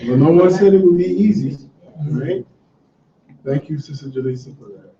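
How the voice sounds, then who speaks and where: A man's voice: fairly high pitch, moderate pace. A man leading a religious class, talking in an easygoing, encouraging way before reading a prayer to the group. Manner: relaxed, conversational, encouraging. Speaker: class teacher. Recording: dull, roomy sound from a distant mic.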